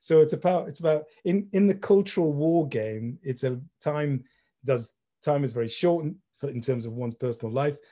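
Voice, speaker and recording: A middle-aged man, speaking reflectively and softly as a panel speaker on a video call. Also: a little high, normal speed. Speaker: panel speaker, gallery director. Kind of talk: online panel discussion.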